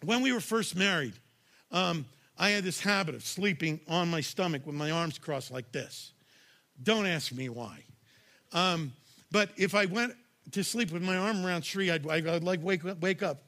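A male pastor with a high, bright, ringing voice delivering a sermon. He talks conversationally and directly to the congregation. He hammers home his points with bursts of raised volume. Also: lively intonation, normal speed. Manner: emphatic, punchy, shouts key lines; conversational, addresses audience directly.

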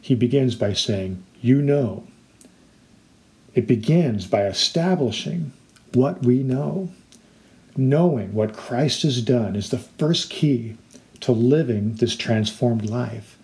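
A male pastor delivering a sermon, earnest and steady as he walks through scripture. His voice sits at an ordinary middle pitch, and now and then he slips into the voices of the people in his stories. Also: slow pace. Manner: earnest and illustrative, acting out quoted voices.

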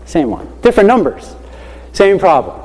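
Chatty high-voiced man telling a story. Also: normal speed, big-room sound, a little hiss or hum. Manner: animated, chatty, many fillers like "you know". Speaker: high school teacher. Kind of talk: casual storytelling.

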